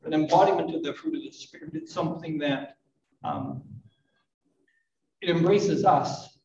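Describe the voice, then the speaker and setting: Gentle older man preaching in a roomy hall. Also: fairly high pitch, huge pitch swings, normal speed. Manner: gentle, reflective, with soft asides and light self-deprecating humor. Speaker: pastor. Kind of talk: sermon. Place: church hall at a live service. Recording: roomy, distant, dull live recording.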